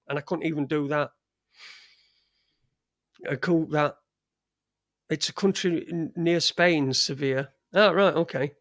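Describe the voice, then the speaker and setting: A man's voice: fairly high pitch, fairly bright tone, dry recording, studio quality. A middle-aged man with a Yorkshire accent, hosting a casual livestream with rambling, crude, joking chat. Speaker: livestream host. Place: home studio in front of a green screen.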